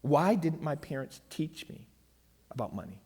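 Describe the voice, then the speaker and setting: A man's voice: fairly high pitch, very animated, moderate pace, warm tone, breathy edge. Middle-aged guy teaching a money seminar at church, emphatic, keeps asking if it makes sense, big echoey hall. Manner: emphatic, checks in with the audience often. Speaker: finance seminar speaker. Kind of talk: church finance seminar talk. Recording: long reverb of a church hall.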